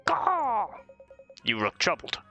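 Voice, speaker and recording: A man's voice: fairly low pitch, moderate pace, creaky, sharp tone, faint music behind, exaggerated voice. Man doing a squawky, storytelling bird merchant for a game playthrough. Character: chatty bird-like desert equipment merchant. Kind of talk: let's play voice acting.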